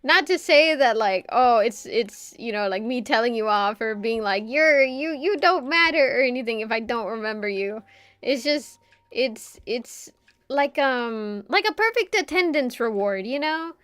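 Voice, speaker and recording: Chatty woman streamer with a higher voice. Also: animated, normal speed, no echo. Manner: rambling, self-interrupting with repeated words and frequent laughter. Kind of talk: casual chat reading viewer comments.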